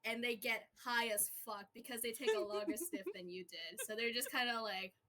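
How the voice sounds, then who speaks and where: A woman's voice: fairly high pitch, normal speed, gravelly, sharp tone. A woman running a roleplay as game master, narrating with a chatty, giggly, playful manner over a voice call. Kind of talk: narrating a tabletop-style roleplay.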